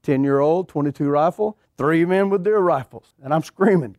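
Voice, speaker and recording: Folksy preacher, fairly high voice. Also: male voice, moderate pace, dry recording, clean studio sound. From eastern Oklahoma. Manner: animated, drawls folksy phrases, rhetorical questions to the congregation. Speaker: pastor. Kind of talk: sermon storytelling.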